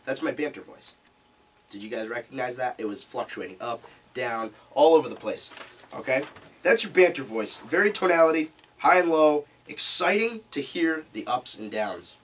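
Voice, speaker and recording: A man presenting a live seminar to a small group, animated as he demonstrates different speaking tones. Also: mid-range voice, normal speed. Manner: animated, demonstrates vocal tones while explaining. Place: meeting room. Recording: distant mic with faint room noise.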